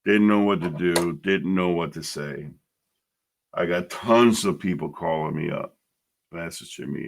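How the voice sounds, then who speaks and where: A man's voice: sits low, measured pace, vocal fry. A middle-aged man hosting a podcast, telling his own story bluntly and emotionally, swearing freely. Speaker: podcast host. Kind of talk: personal storytelling monologue.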